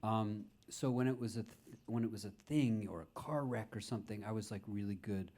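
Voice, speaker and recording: A man's voice: lowish voice, fairly quick, dark tone. A man, a guest on a live podcast taping, telling rambling anecdotes full of fillers in front of an audience. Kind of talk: live podcast chat, storytelling. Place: stage before a live audience.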